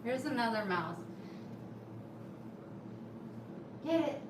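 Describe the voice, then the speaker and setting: Woman cooing softly to her pets. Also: fairly high pitch, lively intonation, fairly quick, roomy sound, far from the mic. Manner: soft, cooing. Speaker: pet owner. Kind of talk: baby talk to pets. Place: home. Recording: background noise.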